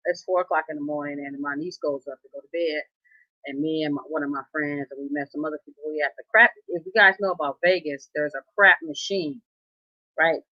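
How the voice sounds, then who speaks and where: A woman telling a story in a casual, animated way, often repeating herself and quoting what people said. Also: on the low side, no room sound, dull audio. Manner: animated, conversational, repeats herself, quotes others. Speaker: storyteller recounting a casino dispute.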